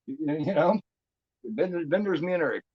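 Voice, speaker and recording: A man's voice: a little high, breathy edge, no room sound, dull audio. A man from Indiana with a Midwestern American accent, hosting a movie watch-along stream in loose casual chat, rambling and repeating his words. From United States.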